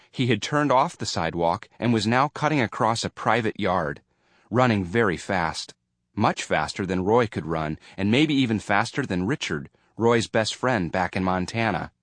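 A man narrating an audiobook in a measured storytelling manner. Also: on the low side, a bit bright, no echo. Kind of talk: scripted narration.

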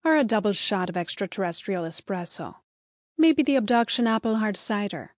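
Woman doing a sarcastic Irish bartender, mid-thirties, monotone, bored, dry close sound, audiobook. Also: medium pitch, moderate pace, dry recording, natural voice. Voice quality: flat monotone, sarcastic and abrupt.

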